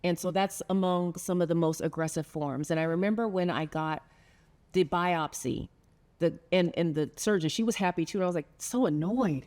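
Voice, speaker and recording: A woman's voice: on the low side, moderate pace, darkish tone. A middle-aged woman hosting a heartfelt sit-down conversation, telling a story earnestly and laughing often. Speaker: podcast host.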